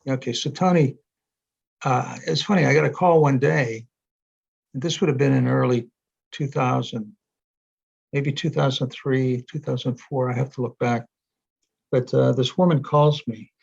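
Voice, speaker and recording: Older guy rambling thru stories, gravelly husky voice, kinda dull lo-fi audio. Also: medium pitch, steady tone, moderate pace, pauses often, darkish tone. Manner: rambling anecdotes with many fillers and restarts. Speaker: interview guest, energy psychology author. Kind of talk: casual storytelling in conversation. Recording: dull lo-fi sound.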